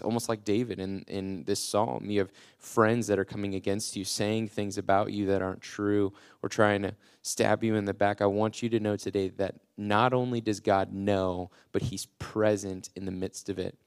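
A man preaching a short devotional podcast sermon as a youth pastor, earnest and encouraging, often slowing right down to stress a line. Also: fairly low pitch, little pitch movement, clean tone. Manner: earnest and encouraging, slows down for emphasis; many filler "uh"s and restarts.

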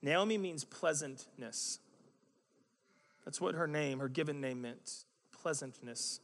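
A man preaching a sermon in a conversational, animated way, with joking asides. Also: fairly high pitch, slow pace, big-room sound.

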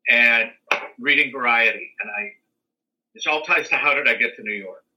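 An older American man, an interview guest, telling a long story in a casual, animated way. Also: mid-range voice, moderate pace, poor audio. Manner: animated storyteller, acts out quotes and sings dance beats.

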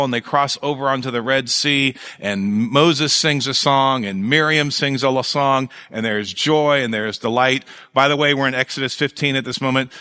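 Animated male pastor in a reverberant hall. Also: mid-range voice, clean tone. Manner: conversational, animated preaching with jokes and asides. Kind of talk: sermon.

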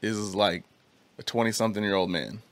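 A man's voice: on the low side, steady tone, a little fast, a bit bright, no echo. A young man hosting a podcast in casual chat, laid-back and swearing freely with lots of slang. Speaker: podcast host.

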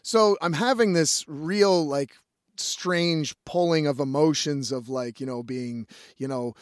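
A man's voice: fairly high pitch, takes it slowly, no echo, clean studio sound. A male musician telling a rambling story in a casual monologue, swearing often and laughing as he goes.

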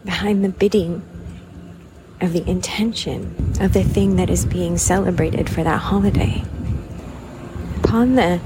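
A woman hosting a podcast, giving a measured, contemplative monologue that sometimes drifts into soft whispers. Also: fairly low pitch, music in the background. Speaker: podcast host. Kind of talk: slow reflective monologue. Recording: background noise.

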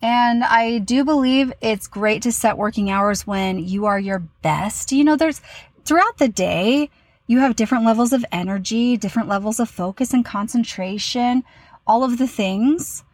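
A woman's voice: fairly high pitch, moderate pace, darkish tone, no echo. A woman in her thirties hosting a solo podcast, talking candidly and chattily about her week and poking fun at herself. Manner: candid, chatty, self-mocking. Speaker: podcast host. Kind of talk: casual solo podcast talk.

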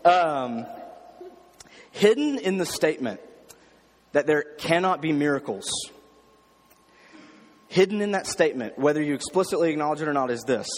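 A man's voice: fairly high pitch, very animated, moderate pace, pauses often, long reverb tail. A man preaching a sermon, emphatic, repeating his phrases and asking rhetorical questions. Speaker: pastor.

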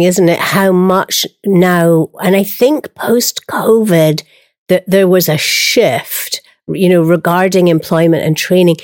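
Woman podcast host, lowish voice, chatty and engaged, dry close mic. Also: darkish tone, no echo. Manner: engaged, affirming interviewer. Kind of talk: conversational interview.

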